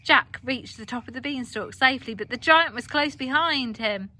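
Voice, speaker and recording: An English woman teacher reading a children's storybook aloud with expressive, animated delivery. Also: high voice, normal speed.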